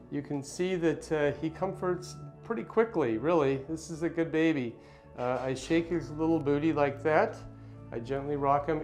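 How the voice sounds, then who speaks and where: Calm, measured man pediatrician. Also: on the high side. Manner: calm, measured, gently explanatory. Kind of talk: instructional demonstration. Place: doctor's consultation room.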